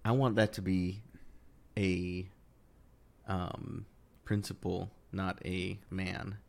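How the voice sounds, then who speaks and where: Male co-host, low voice, casual chat, gets heated and restarts his sentences. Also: takes it slowly, vocal fry. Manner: animated, rising in pitch when worked up, many restarts.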